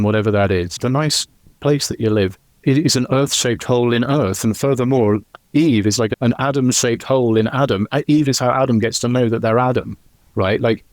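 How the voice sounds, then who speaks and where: A man's voice: mid-range voice, dry recording. A man, a podcast guest, talking in a rambling, digressive way and often checking in with "right?". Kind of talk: casual podcast interview.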